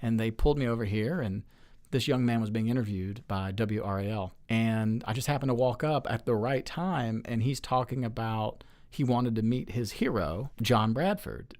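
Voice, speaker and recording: A man's voice: mid-range voice, moderate pace, darkish tone. A man in his forties, a lawmaker being interviewed, telling stories in a chatty, earnest way with lots of fillers and restarts. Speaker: state lawmaker as guest. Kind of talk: casual storytelling interview.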